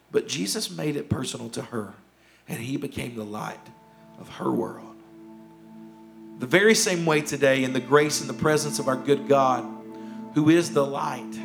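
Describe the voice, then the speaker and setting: A man preaching a sermon as pastor in a church, urgent and impassioned, repeating key phrases and dropping to hushed tones. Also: medium pitch, gravelly. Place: church sanctuary.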